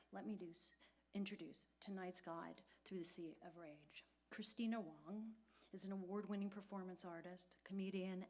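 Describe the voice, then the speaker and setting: A woman stands at the front and introduces the host, reading a formal bio at a measured pace. Her voice sits at a middling pitch and stays even and composed. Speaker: event introducer. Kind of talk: read introduction.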